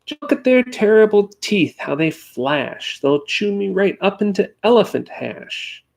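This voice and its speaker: A man's voice: sits high, very animated, unhurried, gravelly, voice pushed up, full character voice. Male reader as a weary, pleading elephant, storybook read. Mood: fearful. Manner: pleading, put-upon. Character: big weary good-natured male elephant.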